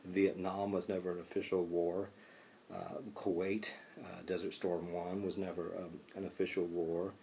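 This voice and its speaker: A man's voice: deep voice, level tone, moderate pace, vocal fry, darkish tone, a little hiss or hum. A man giving a casual classroom lecture, conversational with frequent fillers and restarts. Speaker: college lecturer.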